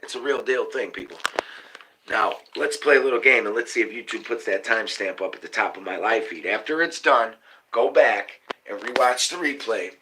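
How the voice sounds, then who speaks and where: A man, hosting a live stream and ranting excitably about conspiracies, cursing often and calling to viewers as y'all. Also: fairly low pitch, normal speed. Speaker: livestream host. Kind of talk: casual live-stream rant. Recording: noisy live-stream audio.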